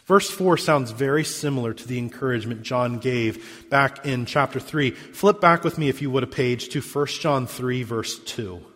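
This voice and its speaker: A man preaching a sermon as pastor, reading scripture and stressing key words, with sharp swings between loud emphasis and quiet drops. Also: normal speed, hardly any pauses, big-room sound. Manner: emphatic preaching with big swings in pitch and volume.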